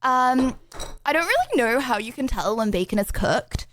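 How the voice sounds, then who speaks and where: A woman's voice: sits high, big pitch swings, moderate pace, fairly bright tone, slight background noise. A young English woman streaming from home, rambling and giggling through casual chat with viewers, with lots of fillers.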